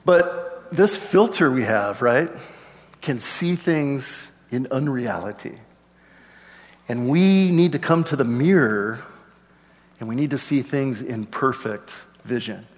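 A middle-aged man preaching a sermon in a relaxed, conversational way, dropping joking asides to the congregation. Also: mid-range voice, takes it slowly, in a large hall. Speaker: pastor.

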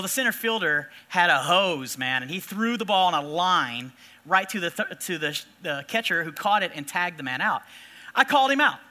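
A man preaching a sermon, telling a story and acting out the shouting people in it. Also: high-pitched. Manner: animated, acts out shouting figures in his stories. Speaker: pastor.

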